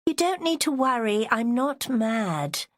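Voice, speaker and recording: A woman's voice: fairly high pitch, sing-song, slow pace, dry recording, clean studio sound, pitched above the performer's own voice, heavily acted. A woman doing an imperious posh southern English lady. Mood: airy. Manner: imperious, airy. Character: imperious, unsettled posh woman, calm and strange.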